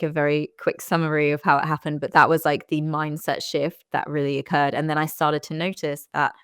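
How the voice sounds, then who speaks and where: A woman's voice: low voice, clean tone, no echo, studio quality. A young woman telling her own story in a candid, reflective way as an interview guest. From United Kingdom. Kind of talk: casual interview conversation.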